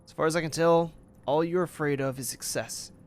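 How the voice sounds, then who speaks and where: A man's voice: fairly high pitch, steady tone, brisk, slight background noise, close to an everyday voice. A man voicing a cruel, controlling talent manager, bullying and scolding while reading game dialogue aloud.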